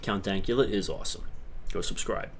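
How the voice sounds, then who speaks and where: A man's voice: low voice, a little fast, vocal fry, husky. A man hosting a casual livestream, rambling and laughing as he answers chat questions. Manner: chatty with frequent restarts. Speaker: livestream host.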